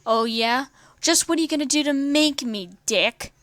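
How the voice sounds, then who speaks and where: A woman's voice: medium pitch, normal speed, fairly bright tone, dry recording, lightly acted. A woman voicing a smug, taunting male gang leader in a read-aloud fan story.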